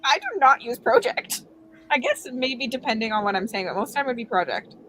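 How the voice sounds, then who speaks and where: A woman's voice: on the high side, big pitch swings, fast, fairly bright tone, slight background noise, rough recording. A woman from Canada chatting casually with friends on a video call, blunt and offhand. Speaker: booktuber. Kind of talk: casual group chat on a call.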